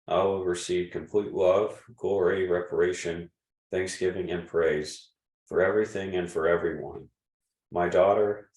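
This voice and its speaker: Deep-voiced man reading aloud in an echoey room. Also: a little mellow. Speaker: reader. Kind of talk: reading a devotional text aloud. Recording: echoey room, distant mic.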